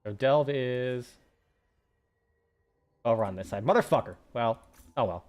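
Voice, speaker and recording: A man's voice: mid-range voice, slow pace, a little mellow, clear, resonant tone. A young man streaming a game and chatting casually, rambling with frequent restarts and plenty of swearing. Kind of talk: casual gaming chat.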